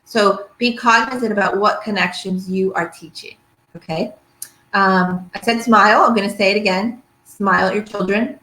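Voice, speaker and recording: Middle-aged woman, pediatric therapist running a parenting workshop; chatty, keeps checking in, mid-pitched, roomy echo. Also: normal speed, pushed and bright, slight background noise. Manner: chatty, checks in with listeners often. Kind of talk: casual workshop lecture. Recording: echoey room.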